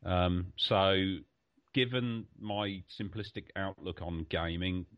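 A man's voice: low-pitched, steady tone, takes it slowly. A man co-hosting a casual podcast chat, wry and teasing. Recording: dull lo-fi recording.

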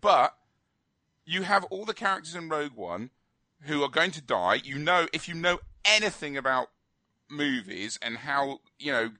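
A man's voice: on the high side, lively intonation, moderate pace, sharp tone, no echo. A man co-hosting a film review radio chat, opinionated and rambling, with many fillers and restarts.

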